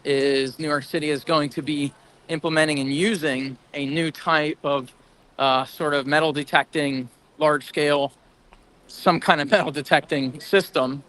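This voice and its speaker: A man's voice: on the high side, fairly even intonation, measured pace, a bit bright, poor audio. An American man giving a live report while walking a city street at night, rambling and hedging as he goes. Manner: rambling, hedging, chuckling as he talks.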